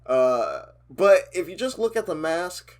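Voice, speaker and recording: A man's voice: fairly high pitch, sing-song, a little slow, a little mellow. A man co-hosting a podcast in casual chat, laughing often and restarting his sentences. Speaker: podcast co-host.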